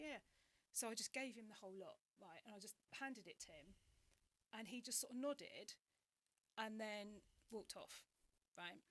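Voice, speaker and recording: A woman in her forties with an English accent, a podcast guest telling a personal story in candid conversation and acting out the exchanges she remembers. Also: medium pitch. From England. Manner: animated, acts out remembered exchanges, restarts often.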